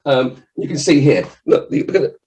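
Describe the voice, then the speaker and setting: Animated man giving a talk to children. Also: mid-range voice, moderate pace, rough recording. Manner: animated, jokey, acts out scared voices. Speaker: children's author.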